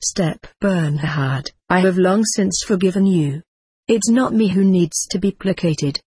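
A reader voicing a calm, forgiving woman spirit in a storybook reading, speaking softly and earnestly. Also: mid-range voice, a little slow, breathy edge, no echo. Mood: gentle.

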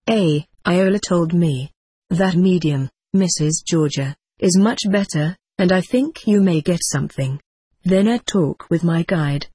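Woman narrator, steady audiobook reading, breathy tone, dry close sound. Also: on the low side, no echo.

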